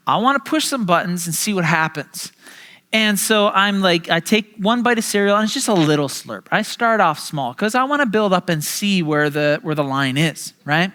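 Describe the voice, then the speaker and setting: A man's voice: sits high, pushed and bright. A male pastor preaching a sermon in a casual, chatty storytelling way with lots of fillers and restarts.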